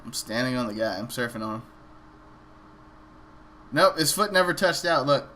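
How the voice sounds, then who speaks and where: A man's voice: mid-range voice, animated, normal speed, pushed and bright. A man hosting his gaming channel, chatting casually and joking over a football video game. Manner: playful, joking banter.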